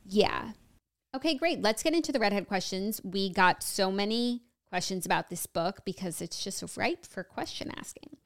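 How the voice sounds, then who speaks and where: A woman's voice: mid-range voice, animated, normal speed. A woman hosting a casual book club podcast, chatty and full of fillers. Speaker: podcast host.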